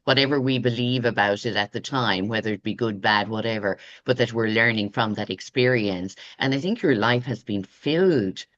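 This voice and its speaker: A woman's voice: extremely low pitch, moderate pace, few pauses, lo-fi sound. A woman hosting a podcast, talking in an effusive, spiritual way about energy and passion. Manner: effusive, warm-hearted, spiritual. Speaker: podcast host. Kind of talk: casual interview chat.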